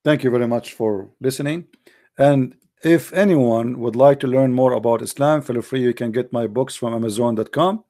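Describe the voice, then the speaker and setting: Addressing his viewers head-on, this man delivers an urgent, earnest monologue as an online commentator. His English is simple and non-native, and he occasionally repeats words as he looks for the right ones. The voice is mellow, medium-pitched, and at a normal speed.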